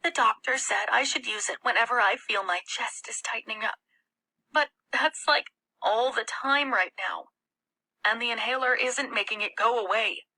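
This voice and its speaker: Woman narrator putting on a hushed, frightened teen girl; breathy storybook whisper. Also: fairly high pitch, moderate pace, voice pushed up, poor audio. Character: frightened teenage girl confiding quietly.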